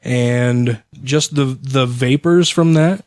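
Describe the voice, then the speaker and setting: A man's voice: medium pitch, slow, darkish tone, no room sound, studio quality. Profane, rambling podcast co-host man. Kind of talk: casual chat.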